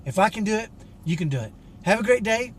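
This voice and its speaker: A man's voice: high voice, lively intonation, fast, slight background noise. Earnest fifties man telling a story. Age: 50s. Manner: earnest and direct, frank about his temper. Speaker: parenting coach for fathers. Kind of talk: candid personal storytelling to camera.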